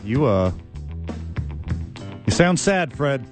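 A man's voice: medium pitch, very animated, takes it slowly, over music. A man co-hosting a sports radio show, tossing in dry wisecracking asides. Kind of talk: casual sports talk banter.

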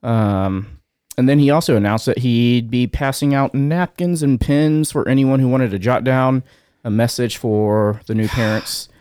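A man co-hosting a podcast, reading out a news story in a casual, halting way, often pausing with fillers and getting choked up. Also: medium pitch, steady tone, a little mellow, smooth, no room sound, studio quality. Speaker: podcast co-host.

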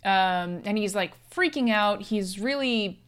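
A woman's voice: medium pitch, unhurried, a bit bright, clean tone. A young woman chatting casually, telling a film's plot with loose "like" and "and then" storytelling. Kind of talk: casual film recap chat.

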